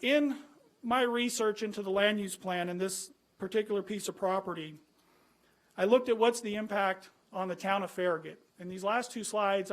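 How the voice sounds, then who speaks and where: High-voiced man arguing at a public hearing. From California. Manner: earnest, argumentative, with many restarts and rhetorical questions. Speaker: citizen speaking at a planning commission. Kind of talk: public comment with slides.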